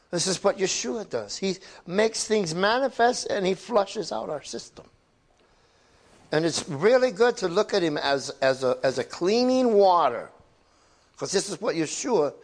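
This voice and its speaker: A man preaching in a conversational, earnest tone, with a voice pitched a little high. He leans on repetition to drive his points home. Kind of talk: sermon commentary.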